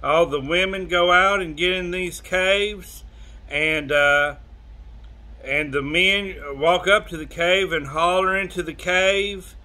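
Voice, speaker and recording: A calm, matter-of-fact tribesman, as a joke-teller puts him on, who explains things in a slow, unhurried way. The voice sits a touch high for a man. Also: exaggerated voice.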